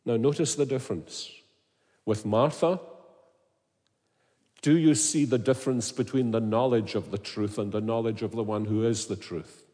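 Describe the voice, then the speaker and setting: A man's voice: medium pitch, normal speed, mellow. A man preaching an expository sermon, earnest and emphatic, asking his listeners questions. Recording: long hall reverb.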